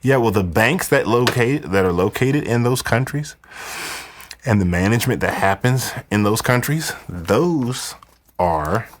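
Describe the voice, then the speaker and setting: A man hosting a live podcast, ranting in an animated, conspiratorial way. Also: mid-range voice, measured pace, slight background noise. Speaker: podcast host. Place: indoors, wearing headphones.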